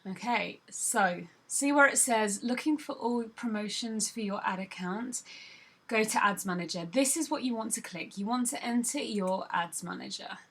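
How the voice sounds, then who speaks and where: A woman's voice: on the high side, normal speed, a bit bright, slightly rough. A woman who leads a sales team, talking viewers through a screen-recorded tutorial in a chatty, instructive way with a few "um"s. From United Kingdom. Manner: chatty, instructive, stops to think with "um".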